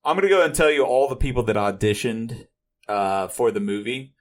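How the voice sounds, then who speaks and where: A man co-hosting a podcast in casual chat, halting and stumbling over names as he reads them out. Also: mid-range voice. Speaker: podcast co-host. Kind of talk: casual chat, reading out a list.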